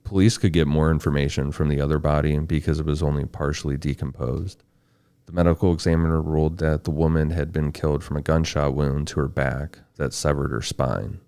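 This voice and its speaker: A male podcast host narrates a true-crime case in a steady, detailed way with casual asides. His voice is extremely deep and gravelly. The sound is dry and close. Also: fairly quick, no room sound.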